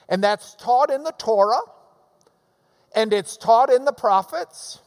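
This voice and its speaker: High-voiced guy preaching real slow, repeats himself for emphasis, big echoey hall. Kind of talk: sermon.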